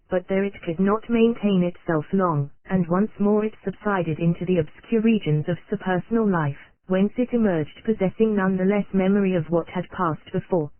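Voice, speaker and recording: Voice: medium pitch, no room sound. Synthetic-sounding narrator on a tinny line. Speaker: audiobook narrator. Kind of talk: scripted narration of a psychology book. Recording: tinny, phone-like dry recording.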